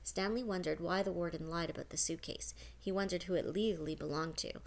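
A woman reading a novel aloud as an audiobook, steady with a few small restarts. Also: fairly low pitch, brisk, creaky. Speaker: audiobook narrator.

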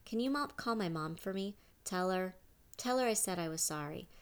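A woman's voice: on the low side, animated, moderate pace, clean tone. A woman voicing a blunt teenage boy at a juvenile camp, speaking in a raised, earnest way.

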